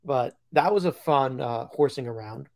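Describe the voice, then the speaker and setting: A man's voice: mid-range voice, moderate pace, creaky, a little mellow. A man co-hosting a podcast, telling a joking story in casual chat with plenty of fillers. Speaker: podcast co-host.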